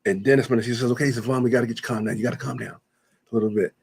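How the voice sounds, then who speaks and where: A man's voice: mid-range voice, fairly even intonation, rapid-fire, gravelly, a little mellow, a little hiss or hum. A man as a guest, telling an emotional personal story and retelling conversations in quoted speech, choked up at times.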